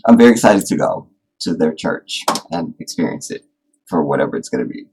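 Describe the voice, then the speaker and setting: A man hosting a casual livestream, talking in an animated, rambling, joking way. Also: deep voice, brisk, creaky, slight background noise, rough recording. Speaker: livestream host.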